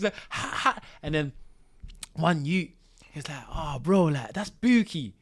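A man's voice: on the high side, big pitch swings, a little slow, husky. A man, a podcast guest telling a story in casual, slang-heavy chat and acting out the quotes.

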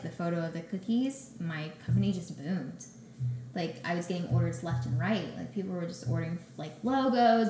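Animated young woman in an echoey room. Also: fairly low pitch, slight background noise. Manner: animated, acts out her own quotes. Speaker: guest, baker and business owner. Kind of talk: casual storytelling interview. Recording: echoey room with faint ambience.

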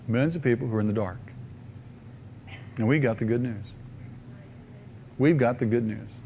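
A man preaching a sermon as pastor, swinging from rising, loud repeated cries to a hushed, soft pleading voice. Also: mid-range voice, normal speed, long pauses, slight background noise.

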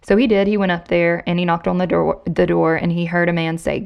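A woman's voice: lowish voice, level tone, fairly quick, creaky, smooth, muffled recording. A woman hosting a podcast, casually recounting a true crime case to her co-host and reading quotes with emphasis. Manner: conversational, reads quotes with emphasis.

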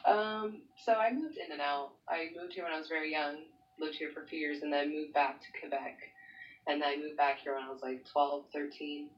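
A woman's voice: low voice, steady tone, fairly quick, lo-fi sound. A young woman from Canada, a guest on a podcast, chatting in an easygoing way and laughing often. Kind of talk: casual podcast chat.

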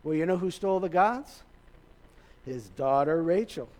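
A man's voice: fairly high pitch, animated, moderate pace, darkish tone. A male pastor preaching a sermon, retelling a story in a conversational way with touches of humor. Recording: reverberant hall.

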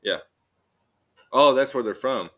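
A man's voice: mid-range voice, measured pace, a crowd in the background. A man co-hosting a podcast in casual chat outdoors while cooking, laughing easily and swearing casually. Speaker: podcast co-host. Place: outdoors at a home, cooking by a fire.

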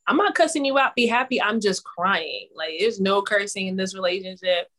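A young adult woman co-hosting a podcast, telling relaxed, chatty stories among friends. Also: mid-range voice, brisk. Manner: chatty, laid-back storytelling. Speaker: podcast co-host. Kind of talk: casual chat.

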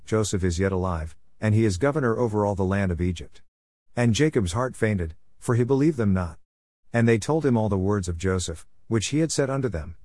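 Man, scripture reading, steady measured delivery, lowish voice, dry recording. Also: no echo. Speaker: scripture reader.

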